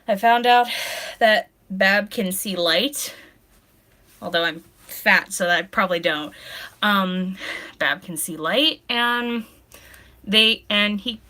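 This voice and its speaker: A woman's voice: medium pitch, slow, bright, forceful tone. A young woman, a pregnant streamer, chatting casually and rambling, often laughing, now and then tearful. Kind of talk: casual chat with live chat.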